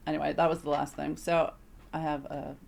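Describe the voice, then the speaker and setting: A woman co-hosting a podcast, her voice sitting on the low side. She chats casually and tells stories with animation, leaning on plenty of fillers along the way. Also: a little fast, creaky. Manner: animated storytelling, filler-heavy. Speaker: podcast co-host. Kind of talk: casual chat.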